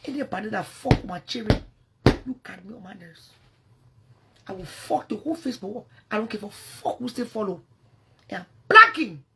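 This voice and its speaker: A woman with a Liberian English accent, ranting at someone on a phone livestream, confrontational and swearing, dropping to low mutters and then bursting out loud. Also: brisk, gravelly, slight background noise. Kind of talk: angry livestream rant.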